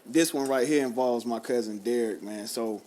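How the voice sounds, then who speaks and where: A man's voice: mid-range voice, moderate pace, a little mellow. A man co-hosting a podcast in casual chat, mostly giving short reactions before introducing a segment. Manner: brief backchannel reactions. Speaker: podcast co-host.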